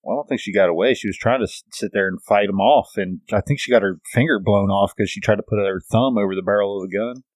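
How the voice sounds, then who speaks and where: A man's voice: lowish voice, fast, few pauses, dry recording. A man co-hosting a podcast in casual chat, blunt and profane. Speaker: podcast co-host.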